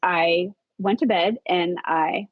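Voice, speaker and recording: A woman guest on a podcast telling a story in a casual, animated way, jumping up in pitch when she acts out what people said and swearing now and then. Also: slow, no echo. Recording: dull lo-fi recording.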